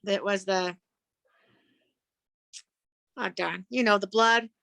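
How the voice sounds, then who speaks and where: A woman guest in casual chat whose speech has changed after a stroke, talking slowly with restarts and searches for words. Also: mid-range voice, fairly even intonation, vocal fry, sharp tone, no echo.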